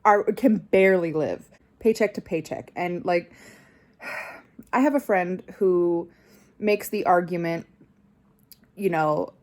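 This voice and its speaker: A woman's voice: fairly low pitch, takes it slowly, long pauses, a little mellow. A young woman vlogger delivering an angry personal rant, swearing constantly and getting more heated.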